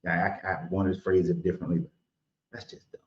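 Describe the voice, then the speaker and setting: A man with a mid-pitched voice hosts a show and argues bluntly in a heated debate, often sarcastic. The sound is roomy and a little dull. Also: little pitch movement, quick pace. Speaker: host.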